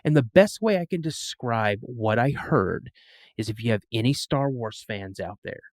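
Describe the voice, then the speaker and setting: A man as a podcast guest, telling a story in a casual, animated way and acting out the voices of the people he quotes. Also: mid-range voice, normal speed, no echo.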